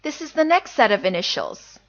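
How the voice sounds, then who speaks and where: Her voice a little high and a bit bright with big pitch swings, this teacher patiently demonstrates each letter's sound slowly, then repeats it, in a beginner pronunciation lesson. The recording is muffled.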